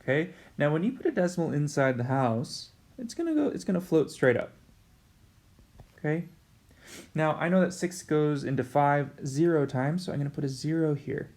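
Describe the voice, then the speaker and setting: A man's voice: fairly high pitch, moderate pace, darkish tone. A male math teacher explaining a lesson in a casual, chatty way. He talks straight to his students and jokes about his own slips as he works. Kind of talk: recorded math lesson at a whiteboard.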